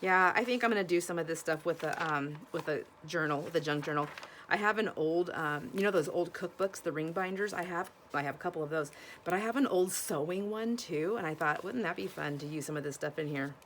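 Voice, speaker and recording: Speaking fairly quickly with a fairly bright tone, a low-voiced woman from Washington State shows her thrift finds in a casual chat to camera. Her sentences ramble and restart, broken by gasps and exclamations at each item, over a faint background hiss.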